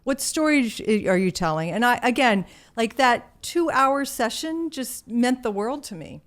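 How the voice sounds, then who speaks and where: A woman's voice: fairly high pitch, unhurried. A woman in her fifties, an interview guest, telling a story with acted-out quotes and easy laughs. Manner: animated storyteller, acts out quotes, laughs easily. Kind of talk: conversational storytelling.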